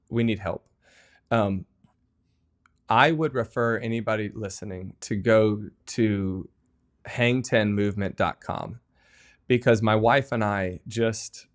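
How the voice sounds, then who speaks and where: A man in his thirties, a guest author telling parenting stories in an earnest, animated way during a podcast interview. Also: lowish voice, measured pace. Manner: earnest, animated storytelling with laughs.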